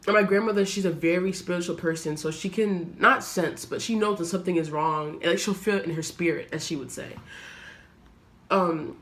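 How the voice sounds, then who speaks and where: A young woman vlogger speaking earnestly to her camera, telling a personal story in a halting, reflective way. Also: lowish voice, a bit bright. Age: young adult.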